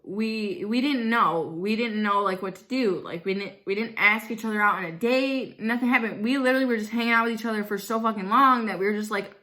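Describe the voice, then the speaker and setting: A woman's voice: mid-range voice, fairly quick, hardly any pauses, sharp tone. A young woman telling a personal story to her vlog audience, blunt and outspoken, swearing freely and saying "like" constantly. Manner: fills speech with "like", swears freely. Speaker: vlogger. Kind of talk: casual storytime.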